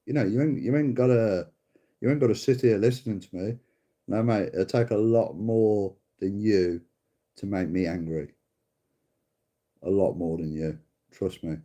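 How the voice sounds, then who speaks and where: A middle-aged livestream host bickers casually with a viewer, swearing, mocking him and calling him mate. His voice sits on the low side, dark in tone, with a measured pace and long pauses.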